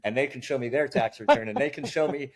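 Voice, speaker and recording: Podcast host guy, dog trainer, tells stories animated, does voices of his clients. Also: medium pitch, fast, husky. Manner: animated storyteller, acts out clients' lines. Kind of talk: casual podcast chat.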